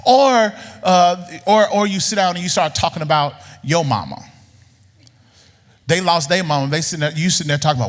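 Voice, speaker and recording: Preacher, male, high-voiced and wildly animated, blunt and teasing, long reverb of a big hall. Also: moderate pace. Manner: blunt, teasing, swings from low mutters to high outbursts. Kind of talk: sermon.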